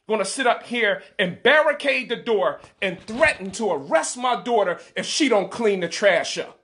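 A man's voice: sits high, expressive, moderate pace, hardly any pauses. A middle-aged American father ranting in anger, indignant and repeating his points for emphasis. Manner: indignant, repetitive, building to shouted emphasis. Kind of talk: angry direct-to-camera rant.

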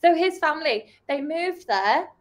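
A woman's voice: high-pitched, animated, a little slow. Giggly young woman from Liverpool. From Liverpool, England. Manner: giggly, chatty, answers with many "like"s. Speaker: guest. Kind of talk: casual chat. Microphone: video call.

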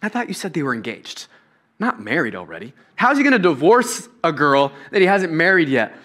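Pastor guy preaching a sermon, high-pitched and punchy, cracks jokes as he goes. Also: fairly quick. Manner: joking, animated storytelling with asides. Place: church stage.

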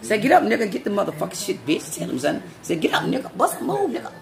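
A woman, vlogging at home on her phone in loud, profane, laughing banter. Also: mid-range voice, very animated, fast, gravelly, music in the background. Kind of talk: casual home vlog. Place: home, indoors then outdoors at night.

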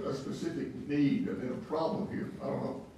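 A man's voice: mid-range voice, steady tone, normal speed, warm tone. Man teaching a Bible class, echoey and distant. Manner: questioning, repeats words and restarts. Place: church classroom. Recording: echoey room from far off, faint hiss.

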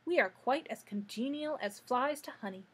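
A woman's voice: high voice, lively intonation, moderate pace, husky. A woman voicing a dim-witted wooden man with a pumpkin head who is touchy and easily offended, in a storybook reading. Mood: simple.

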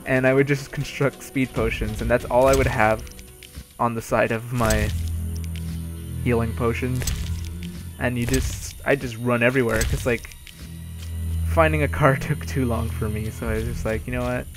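A man's voice: medium pitch, fairly even intonation, moderate pace, pauses often. A young man rambling casually as he comments on a game he is playing, chatty and laughing often. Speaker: let's play host. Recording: game music clearly behind.

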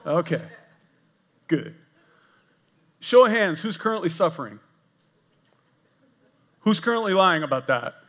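A man's voice: fairly high pitch, unhurried, long pauses. A man serving as executive pastor, preaching a casual, self-deprecating sermon to his congregation in a church. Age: older. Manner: jokey, self-deprecating, animated with asides to the congregation. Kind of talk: conversational sermon. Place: church sanctuary.

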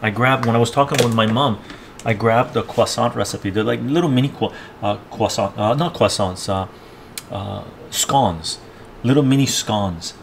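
A man's voice: fairly low pitch, normal speed, creaky, background noise. Rambling, ranting male live-streamer. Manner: ranting, rambling, keeps tagging "right?". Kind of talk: casual live-stream chat.

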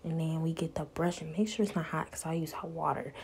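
A woman's voice: low-pitched, fairly even intonation, brisk, a little mellow, a little hiss or hum. A woman vlogging casually and talking straight to her viewers in a chatty, playful way, often dropping to a near whisper. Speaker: beauty vlogger. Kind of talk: casual vlog chat and voiceover.

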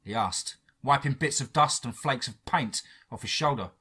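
A man narrating a first-person horror story in a dramatic, measured way. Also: mid-range voice, sharp tone, breathy edge.

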